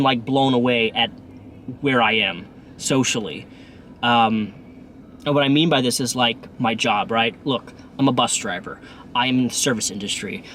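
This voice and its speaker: A man's voice: medium pitch, a bit bright, slight background noise. A man in his thirties talking casually to camera in a rambling vlog, with many restarts and fillers. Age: 30s. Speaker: YouTuber and bus driver.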